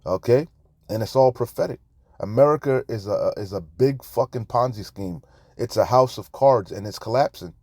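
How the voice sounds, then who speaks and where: Angry cursing preacher guy reading bible verses, low mellow voice, dead dry room. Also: normal speed, dry recording. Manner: fiery, profane, repetitive, quotes scripture. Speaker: street preacher commenting on news. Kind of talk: profane preaching rant with scripture readings.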